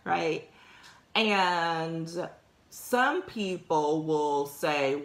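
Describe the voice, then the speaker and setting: A woman's voice: low voice, expressive, slow pace, echoey room. A woman hosting a career podcast, talking through workplace advice in a conversational, emphatic way with frequent laughs. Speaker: podcast host. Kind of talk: casual advice talk.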